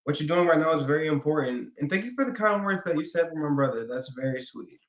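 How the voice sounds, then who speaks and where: A man's voice: a little high, expressive, fast talker. Enthusiastic male wrestler guest, roomy sound. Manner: enthusiastic, earnest. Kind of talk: casual interview chat. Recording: roomy echo.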